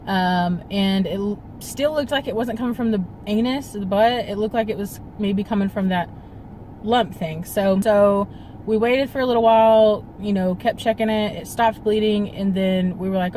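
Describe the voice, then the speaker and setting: A woman's voice: medium pitch, moderate pace, warm tone, slight background noise, rough recording. A young woman telling a personal story to her phone camera in a casual vlog, rambling with many fillers and trying not to cry. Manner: rambling, full of fillers, fighting back tears. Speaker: vlogger.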